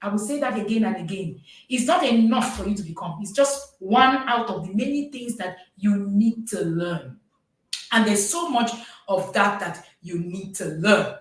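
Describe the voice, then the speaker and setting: A woman leads a live parenting course, pressing each point home and saying it again. Her voice sits at a middle pitch and comes from some distance off the mic, in a strongly echoing room. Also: animated, moderate pace. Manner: emphatic, repeats herself for stress. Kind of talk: live-streamed course talk.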